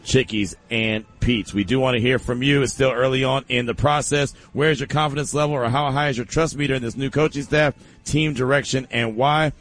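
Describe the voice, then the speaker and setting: A man hosting a sports talk show, loose and jokey with animated banter. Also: medium pitch, fairly quick, few pauses. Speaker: sports talk radio host.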